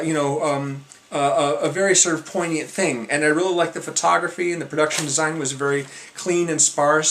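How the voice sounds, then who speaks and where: Rambling man with a slightly high voice. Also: fairly bright tone. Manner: rambling with many fillers and restarts. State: out of breath, dry throat. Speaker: movie vlogger. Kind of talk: casual monthly movie rundown.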